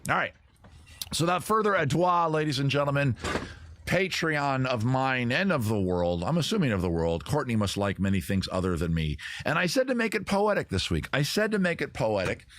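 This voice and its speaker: A man's voice: mid-range voice, a little fast, slight background noise. A man hosting a casual livestream from outdoors by a fire, joking and rambling as he goes. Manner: rambling, jokey, animated. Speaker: livestream host.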